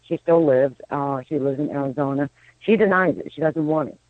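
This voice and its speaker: A woman's voice: deep voice, fairly quick, dry recording. Woman talking over a tinny phone line. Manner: rambling storyteller, frequent restarts. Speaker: psychic medium guest. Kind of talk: phone-in radio interview. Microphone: telephone.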